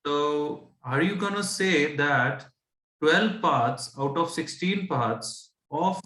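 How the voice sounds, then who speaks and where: A man's voice: a little high, animated, slow, sharp tone, reverberant. A man with an Indian English accent patiently teaching fractions, often stopping to check that his student follows. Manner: patient, asks checking questions, mixes English and Hindi. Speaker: tutor. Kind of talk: explaining fractions.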